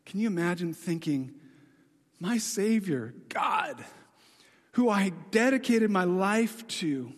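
A man preaching a sermon in a casual, conversational way, telling the story dramatically and swinging from excited to hushed. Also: high-pitched, slow. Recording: long hall reverb.

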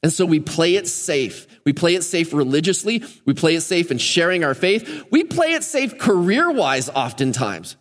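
High-voiced man preaching in a reverberant church. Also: moderate pace, hardly any pauses. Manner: animated, acts out scripture voices. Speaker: pastor. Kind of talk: sermon. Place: church sanctuary. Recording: long church hall reverb.

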